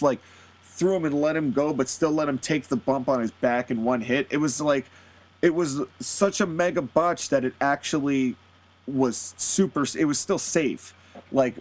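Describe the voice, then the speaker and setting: A man hosting a podcast, talking casually and at length, rambling with many fillers and frequent laughs. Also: fairly high pitch. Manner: rambling, animated, laughs often, lots of fillers. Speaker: podcast host. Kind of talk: casual solo commentary.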